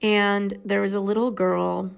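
A woman's voice: medium pitch, little pitch movement, unhurried, vocal fry, low-quality recording. A woman in her thirties, a podcast guest telling a personal story in a candid, earnest way. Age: 30s.

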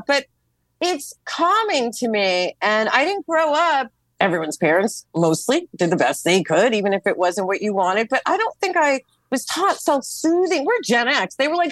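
An American woman in her fifties whose voice swoops up and down as she tells stories, often acting out quotes. It sits somewhat high. The sound is close and dry. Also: moderate pace, dry recording. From United States. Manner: animated storyteller who acts out quotes and laughs often. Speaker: guest, tarot reader and actress. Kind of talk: casual podcast conversation.

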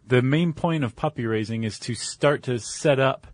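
A man's voice: medium pitch, moderate pace, dry recording. A man co-hosting a podcast, explaining things in a casual, wry, conversational way with fillers. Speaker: podcast co-host. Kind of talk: casual chat.

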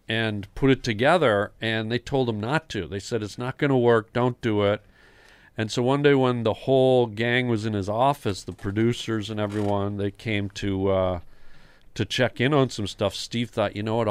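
Older male host, 60s, smooth clear voice, dry close sound, animated storyteller. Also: medium pitch, no echo. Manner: animated storyteller, acts out quoted dialogue. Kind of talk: casual storytelling chat.

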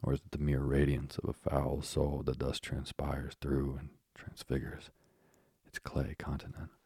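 A man voicing an older gentleman lawyer in an audiobook, formal and courteous, in a husky, whispery voice. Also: a bass voice, completely flat delivery, unhurried, dry recording, clean studio sound, full character voice. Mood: perplexed. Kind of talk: audiobook character reading.

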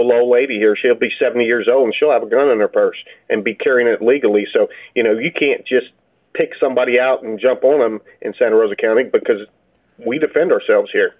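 A man, a county sheriff, answering interview questions in a steady, plainspoken way. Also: medium pitch. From Florida. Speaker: sheriff, guest. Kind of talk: phone-in interview. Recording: tinny phone line.

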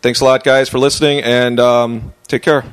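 A man's voice: medium pitch, flat delivery, moderate pace, smooth. An American man hosting a podcast, telling a rambling story in casual chat, laughing often and acting out quotes. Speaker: podcast host.

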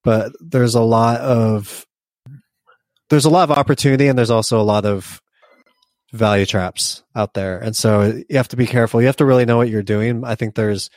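A man's voice: mid-range voice, steady tone, normal speed, darkish tone, dry recording. A man co-hosting a podcast, talking casually with frequent restarts and fillers. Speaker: podcast co-host. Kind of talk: casual investing discussion.

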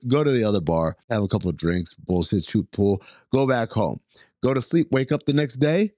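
A man's voice: normal speed, dry recording, clean studio sound. A man co-hosting a podcast, telling a story in casual chat and acting out the dialogue. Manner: animated storyteller, acts out dialogue in higher voices. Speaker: podcast co-host.

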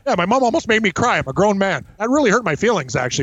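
A man's voice: high-pitched, big pitch swings, racing, fairly bright tone, no room sound, lo-fi sound. A man co-hosting a sports betting show in casual chat, a joking storyteller who acts out what others said. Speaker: co-host.

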